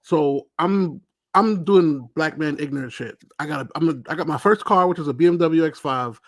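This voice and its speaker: A fairly high-voiced man from Brooklyn telling animated stories in a loose chat, jumping into loud impressions of the people he quotes. The sound is dry and close. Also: moderate pace, dry recording. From Brooklyn, New York. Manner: animated storyteller who acts out quotes loudly. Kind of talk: casual chat, animated storytelling.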